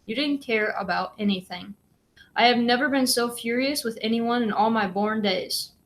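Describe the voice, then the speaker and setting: A quiet, calm mother, read by a woman. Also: fairly high pitch, normal speed, natural voice.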